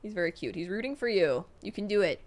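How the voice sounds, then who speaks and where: A woman streamer excitedly reading out donations and fan messages in a casual livestream chat, gushing and laughing often. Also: medium pitch, fast.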